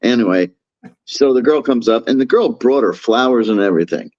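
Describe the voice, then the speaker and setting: A man telling a rambling, profane story on a podcast, acting out quotes in a higher voice. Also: brisk, a little mellow, no echo. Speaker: podcast co-host. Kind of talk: casual storytelling chat. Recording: dull lo-fi sound.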